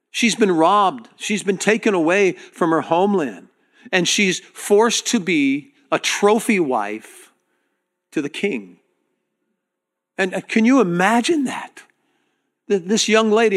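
A man's voice: sits high, lively intonation, slow pace, pauses often, fairly bright tone. A male pastor preaching a sermon, putting questions to his congregation as he goes.

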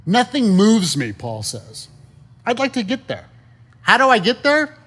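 A man's voice: very high voice, huge pitch swings, measured pace, bright, forceful tone, husky. A man preaching a sermon in a conversational, folksy way, full of rhetorical questions and asides. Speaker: pastor.

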